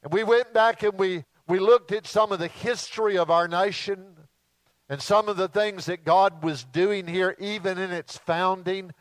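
A man preaching a sermon as a visiting preacher, slow and emphatic with dramatic pauses. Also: high voice, steady tone, no room sound.

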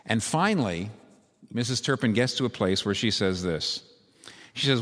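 A man's voice: on the low side, lively intonation, moderate pace, a bit bright. A man preaching a sermon, retelling a story vividly and with emphasis before leading a prayer. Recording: long hall reverb.

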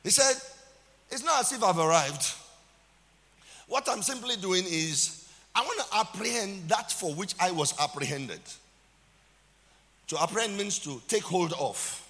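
A man's voice: high-pitched, animated, measured pace, long pauses, sharp tone, in a large hall. A man with a Nigerian accent, a pastor preaching a sermon with dramatic emphasis and calls out to the congregation.

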